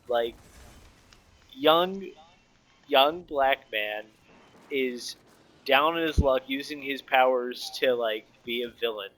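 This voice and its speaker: A man co-hosting a casual comic book podcast, retelling story scenes in a relaxed way. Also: mid-range voice. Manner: relaxed storytelling, quoting characters. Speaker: podcast co-host.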